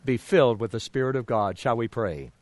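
A man's voice: lively intonation, fairly quick, no echo. Emphatic preacher man, dry close sound. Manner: emphatic rises and drops in pitch and volume; rhetorical questions to the congregation. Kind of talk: sermon.

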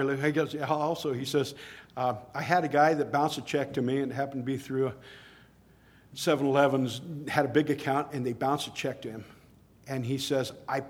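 A middle-aged man preaching a sermon in a conversational way, telling stories and rising to emphatic exclamations. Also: on the high side.

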